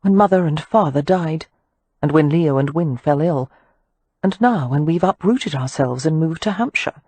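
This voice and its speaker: A woman's voice: deep voice, animated, moderate pace, dark tone, husky, no echo. A woman voicing a responsible, protective eldest sister who speaks in a firm, take-charge way in an audiobook. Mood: indignant.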